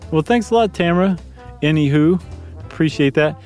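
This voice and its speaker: Gravelly-voiced joking podcast co-host man. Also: mid-range voice, normal speed, a little mellow, faint music behind. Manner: loose, joking, rambles with fillers. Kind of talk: casual chat.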